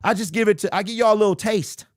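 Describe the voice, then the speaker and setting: A man's voice: high voice, quick pace, dry recording, studio quality. A man hosts a sports livestream, answering viewer comments in a heated, repetitive way. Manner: animated, argumentative, repeats his points. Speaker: sports channel host. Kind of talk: livestream commentary reading super chats.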